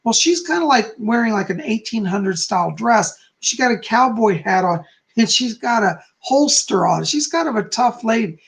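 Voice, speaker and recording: Gravelly-voiced man giving psychic readings. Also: sits high, animated, normal speed. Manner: chatty, reassuring, ends points with "okay?". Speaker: psychic host. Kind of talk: live-stream psychic reading.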